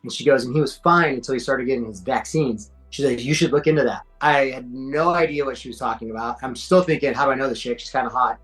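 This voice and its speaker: A man's voice: mid-range voice, fast, hardly any pauses, a bit bright, faint music behind, poor audio. A man in his forties, a podcast guest, telling stories in casual chat, slangy and swearing, acting out quotes. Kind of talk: casual storytelling.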